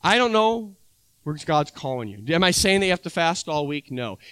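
A man's voice: a little high, very animated, moderate pace, fairly bright tone, clean tone, no echo. A man preaching a sermon as pastor, talking conversationally and acting out little dialogues with his listeners.

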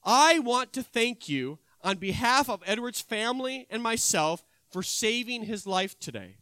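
A man's voice: very high-pitched, animated, unhurried, sharp tone, no echo, exaggerated voice. A man voicing a male priest calling with thanks, speaking earnestly. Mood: grateful. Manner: earnest, grateful. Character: male church priest on the phone.

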